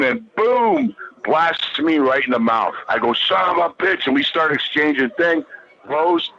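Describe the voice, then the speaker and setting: A man's voice: on the high side, bright, forceful tone, lo-fi sound. A man who is a guest on a podcast, telling a rambling, heated, profane story and repeating himself as he goes.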